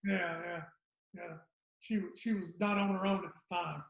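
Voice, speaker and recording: A guest comedian in his 60s from the Southern United States rambles through stories in a casual podcast chat, often trailing off. His voice sits high with little pitch movement, vocal fry, and a moderate pace, recorded in an echoey room.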